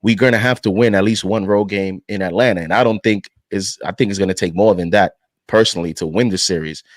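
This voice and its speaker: Male panelist, low register, dry close sound, measured casual delivery. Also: dry recording. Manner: measured, says "you know" often. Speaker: podcast panelist. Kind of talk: casual sports discussion.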